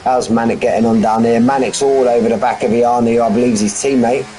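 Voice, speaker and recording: A man's voice: medium pitch, fairly even intonation, fast talker, mellow, soft background music, poor audio. A man giving live race commentary in a chatty, rambling, jokey way. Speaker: sim racing commentator.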